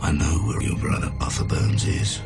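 An actor playing a menacing outlaw who makes a grim offer in a film trailer. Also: male voice, normal speed, natural voice. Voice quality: gravelly. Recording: film trailer with loud music.

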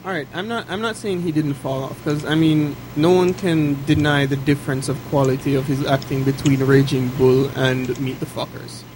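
A man with a slightly raised voice leads a relaxed conversation and runs through lists in quick order. Faint noise sits under the homemade recording. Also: a little high. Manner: steers the talk, lists things off quickly. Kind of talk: casual chat.

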